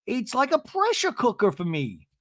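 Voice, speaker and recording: A fretful, overwhelmed reality-TV woman, as a man puts her on, speaks in a strained high falsetto that sits far above a normal register. She stumbles through fillers and restarts with a whiny, halting delivery. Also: wildly swooping pitch, sharp tone, exaggerated voice. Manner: halting, filler-laden whine.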